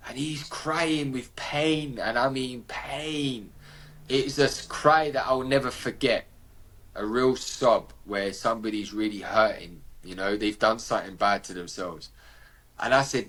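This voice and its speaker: A man's voice: mid-range voice, a little slow, a bit bright. A man with a British accent, a podcast guest telling a personal story in a vivid, slangy way and acting out the dialogue. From United Kingdom.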